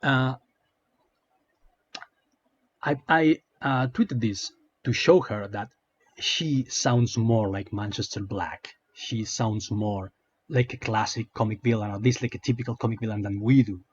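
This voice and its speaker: Husky sarcastic man ranting. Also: fairly low pitch, measured pace. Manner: hesitant, filler-heavy, sarcastic. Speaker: online commentator. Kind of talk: casual commentary rant. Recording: dull lo-fi sound.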